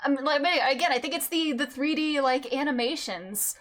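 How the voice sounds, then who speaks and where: A woman's voice: high voice, moderate pace, fairly bright tone. A woman streaming a video game, chatting casually, laughing often and swearing freely. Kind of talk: casual gameplay commentary. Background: faint game music.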